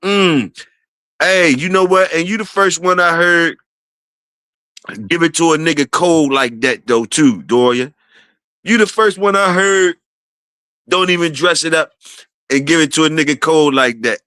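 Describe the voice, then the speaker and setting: A man, his voice bright and a little high, hosts a casual livestream. He keeps shouting out viewers and says his key phrases again and again. The sound is dry and close. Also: unhurried, pauses often, clear, resonant tone, dry recording. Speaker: livestream host.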